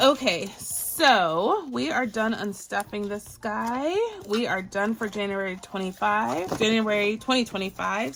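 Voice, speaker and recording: A woman's voice: medium pitch, measured pace, few pauses, fairly bright tone, slight background noise. A woman from Barbados chatting casually to her viewers while sorting and counting cash for her budget. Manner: chatty and playful, addresses viewers as y'all. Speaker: budgeting vlogger.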